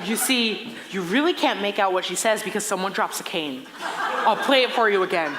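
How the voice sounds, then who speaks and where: A woman's voice: mid-range voice, expressive, normal speed, noisy background, lightly acted. A young woman playing a lonely male musical fan who talks wistfully to the audience in a stage play. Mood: rambling. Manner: chatty, wistful asides to audience. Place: theater stage.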